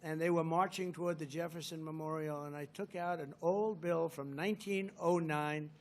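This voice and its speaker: An older man giving a rambling, boastful rally speech, swinging from loud outbursts to muttered asides. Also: on the high side, steady tone, normal speed. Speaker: politician addressing a rally.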